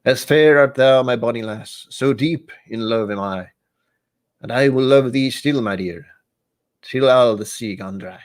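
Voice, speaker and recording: A man's voice: mid-range voice, measured pace, voice pushed up, close to an everyday voice. A man reciting a sentimental love poem in a put-on accent that drifts between Scottish and Irish, in an overdone sing-song way. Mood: tender, sing-song. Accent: put-on mix of Scottish and Irish. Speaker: livestream host.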